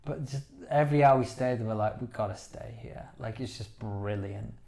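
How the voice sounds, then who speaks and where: A man's voice: medium pitch, normal speed, gravelly, a little mellow. A man co-hosting a podcast, chatting casually and enthusiastically with lots of "you know"s. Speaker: podcast co-host. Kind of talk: casual chat.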